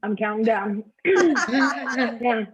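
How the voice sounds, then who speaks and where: A woman's voice: a little high, extremely slow, slightly rough. A middle-aged woman doing a stand-up comedy set over a video call, with a crude, offhand delivery. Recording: tinny phone-like video call audio.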